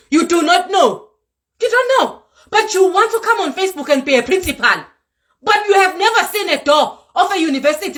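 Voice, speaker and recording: A South African woman vlogger scolding her viewers, lively and animated, dropping Zulu words into her English. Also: sits high. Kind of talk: ranting to viewers. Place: home in Europe.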